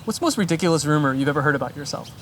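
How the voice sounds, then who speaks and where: Interviewer, brisk and friendly, medium pitch, faint background hiss. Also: lively intonation, fairly bright tone. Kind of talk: casual quick-fire interview questions.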